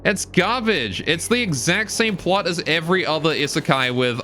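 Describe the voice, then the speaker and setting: This British man, now sounding mostly Canadian, plays a game on a live stream and answers viewers, reading their questions aloud as he rambles chattily between tasks. His bright, forward voice is on the high side and animated, at normal speed with few pauses. Faint background hum sits beneath it.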